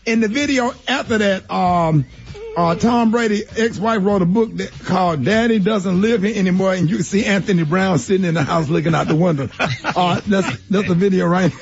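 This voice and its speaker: A man hosting a radio morning show, telling rambling stories while laughing at his own jokes. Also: high-pitched. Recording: muffled radio broadcast with music bed.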